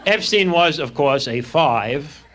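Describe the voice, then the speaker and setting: A man telling fast stand-up stories about his school days, on a crackly vinyl record. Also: fairly high pitch, animated, a bit bright, some chatter behind. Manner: fast anecdotal delivery. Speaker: stand-up comedian. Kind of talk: stand-up storytelling.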